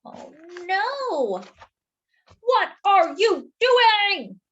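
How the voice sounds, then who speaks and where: A woman voicing a fussy, dramatic little male doughnut that talks in a prim, indignant way. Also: big pitch swings. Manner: prim, indignant, high and slow. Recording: dull lo-fi sound.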